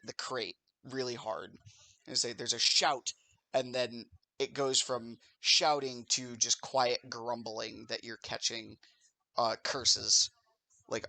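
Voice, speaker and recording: A man's voice: medium pitch, fairly even intonation, a little slow, vocal fry, bright, forceful tone, no echo. A man narrating as game master of a tabletop role-playing game, describing scenes and calling for rolls.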